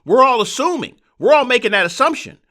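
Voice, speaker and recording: A man hosting a solo podcast, talking in an animated, rhetorical way. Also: very high-pitched, fairly quick. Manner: animated, rhetorical, mocking quoted voices. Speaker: podcast host.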